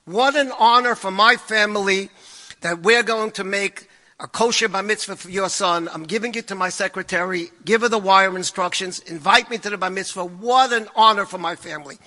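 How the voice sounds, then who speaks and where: A man telling stories to an audience in an animated way, repeating phrases and dropping Yiddish and Hebrew words. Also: high voice, brisk, big-room sound. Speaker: guest speaker telling stories. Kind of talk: storytelling talk to an audience.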